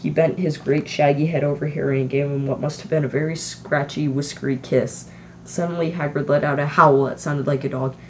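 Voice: mid-range voice, steady tone, brisk. A teenage reader from the US narrating a homemade audiobook in a plain, unpolished voice. A faint hiss runs under the recording. The reader sometimes breaks off to criticise their own reading. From United States. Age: teens.

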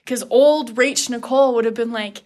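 Young woman guest, earnest animated storyteller, a touch high-voiced. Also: normal speed. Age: young adult. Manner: earnest, animated retelling with quoted inner thoughts and laughs. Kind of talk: casual interview storytelling.

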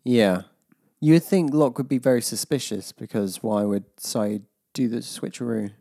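A man with a mid-range voice, trading easy banter on a casual podcast. He sounds laid-back and dryly teasing, tossing out quick asides. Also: mid-range voice, gravelly, mellow. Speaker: podcast co-host. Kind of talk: casual chat recapping a TV episode.

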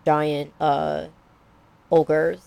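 A woman's voice: deep voice, little pitch movement, extremely slow, vocal fry, mellow, smooth, dry recording. A young woman casually recapping a story as a podcast co-host, rambling with lots of "like" and acting out characters.

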